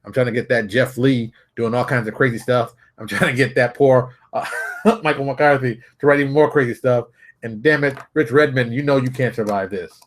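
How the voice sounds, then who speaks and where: A man's voice: mid-range voice, fairly even intonation, moderate pace. A man hosting his own solo show, talking in a brash, joking and self-mocking way. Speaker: show host. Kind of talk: solo livestream talk.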